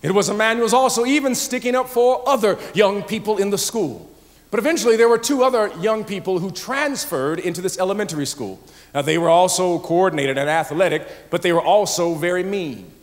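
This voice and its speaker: A male pastor preaching a sermon, telling a story with many "uh" fillers and building to shouted, impassioned preaching in a large church. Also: sits high, a little fast. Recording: long church reverb, faint music.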